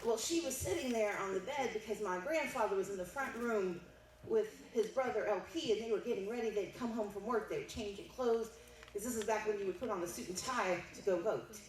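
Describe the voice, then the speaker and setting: A woman's voice: medium pitch, a little fast. A middle-aged woman giving a keynote speech at a banquet, telling a family story and building to emphatic declarations. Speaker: keynote speaker. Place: banquet hall. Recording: echoey hall, mic heard from a distance, faint noise.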